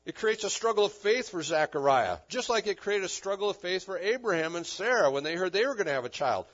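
Male pastor, animated emphatic sermon with dry humor; slightly high voice, muffled recording. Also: quick pace. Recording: dull lo-fi recording.

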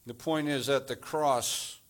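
A man preaching a sermon as pastor, deliberate and measured, delivering his points in short phrases. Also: medium pitch, steady tone.

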